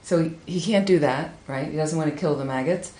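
Woman telling a dharma story in a roomy hall. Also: a little fast. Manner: animated storytelling with high acted quotes. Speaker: Buddhist teacher. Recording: echoey room with faint ambience.

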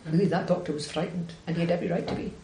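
A Scottish woman who is a Buddhist nun, telling a personal story in conversation with direct, animated delivery that acts out quoted dialogue. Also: lowish voice, very fast, reverberant, a little hiss or hum, low-quality recording.

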